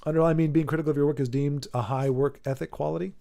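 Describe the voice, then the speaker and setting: A man hosts a relaxed livestream and talks at length in a somewhat high voice. He rambles, restarts his sentences and slips into playful mock-pompous asides aimed at his chat. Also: fast talker, creaky. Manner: rambling, self-correcting, mock-pompous banter. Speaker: livestream host. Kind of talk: casual chat with chat readers.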